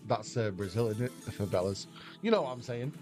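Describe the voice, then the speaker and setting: A man's voice: fairly low pitch, animated, fairly quick, darkish tone, faint music behind. An English man livestreaming slots, chatting casually and rambling as he answers viewers' questions aloud. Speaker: slot livestreamer. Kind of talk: casual chat with stream viewers.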